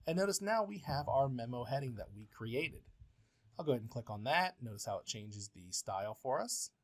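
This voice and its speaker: Male instructor, mid-pitched, patient step-by-step screen-recorded tutorial delivery. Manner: step-by-step, plain and patient, with frequent uh fillers. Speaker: professor. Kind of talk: software tutorial walkthrough.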